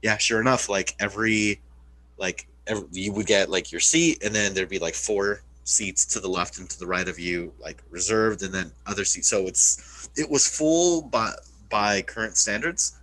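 Male co-host, bright and forceful tone, lowish pitch, rambling, swears freely. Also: normal speed, poor audio. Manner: loose, profanity-laced, many filler "like"s. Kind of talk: casual podcast chat.

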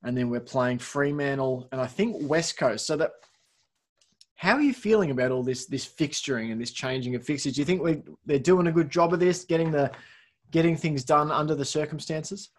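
Lively man hosting a sports podcast. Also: a little high, normal speed. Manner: lively, reads scores with wry asides. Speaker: podcast host. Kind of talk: casual sports podcast chat.

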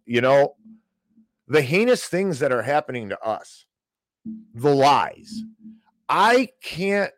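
A man's voice: a little high, no room sound. A man hosting a podcast, ranting about the week's financial news with sarcastic, mocking, theatrical outrage. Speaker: podcast host.

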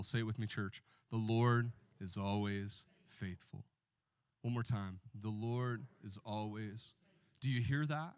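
A man's voice: medium pitch, dry recording. A man preaching a sermon as pastor in a church, joking with the congregation and calling for responses.

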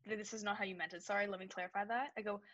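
A woman's voice: mid-range voice, fairly even intonation, very fast, fairly bright tone, dull audio. A young adult woman co-hosting a podcast, chatting casually and acting out text messages in different voices. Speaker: podcast co-host. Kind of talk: casual chat.

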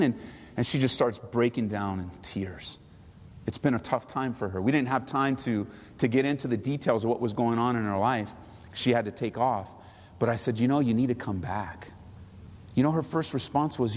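A middle-aged man, a pastor preaching a sermon with passion, swinging between soaring high phrases and quiet low asides. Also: fairly quick. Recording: long hall reverb.

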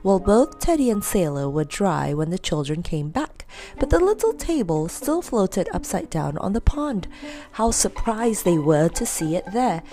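Lively woman reading a children's story. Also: medium pitch, unhurried, soft background music. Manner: lively, expressive.

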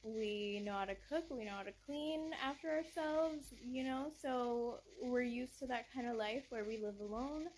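Young woman venting hard, cussing a lot, kinda high voice, bit of background hiss. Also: moderate pace, hardly any pauses, a little mellow, rough recording. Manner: blunt, profane, exasperated. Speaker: podcast host. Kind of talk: casual ranting monologue.

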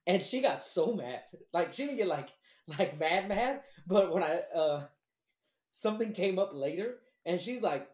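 Casual guy, cursing freely, lively and laughing, roomy sound. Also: on the high side, moderate pace. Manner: animated, profane, laughs often. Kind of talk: casual crude chat.

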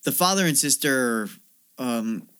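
A man with a mid-range voice co-hosts a casual film podcast. He agrees easily and fills in plot points, with halting starts and restarts. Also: mid-range voice, lively intonation, fairly bright tone, clear, resonant tone. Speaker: podcast co-host. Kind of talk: casual film review chat.

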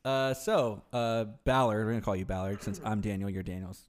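Low-voiced, relaxed male podcast host. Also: brisk, over a noisy crowd. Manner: relaxed, teasing interviewer. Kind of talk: casual podcast chat.

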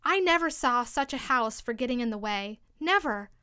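A woman's voice: fairly high pitch, lively intonation, normal speed, pushed and bright, smooth, no echo, clean studio sound. A woman voicing a polite, curious young girl who asks timid, eager questions.

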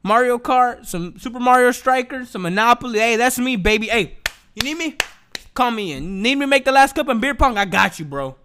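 A young man rambles through a comedic podcast monologue, loose and slangy with plenty of swearing. His voice sits high and swoops up and down with energy. The tone is bright and forward. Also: brisk, clean tone. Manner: animated, joking, slangy and profane. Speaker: podcast host.

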